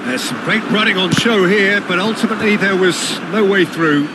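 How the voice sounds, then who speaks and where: A man voicing a football game's play-by-play commentator, excitable, rising to big shouts on goals. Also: sits high, normal speed, lightly acted. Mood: lively. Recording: game audio with loud background noise.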